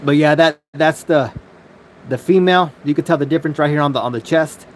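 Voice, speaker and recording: Man, casual live-stream host, somewhat higher voice, loose cursing chatter over phone mic with faint background noise. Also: fairly quick. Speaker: livestream host.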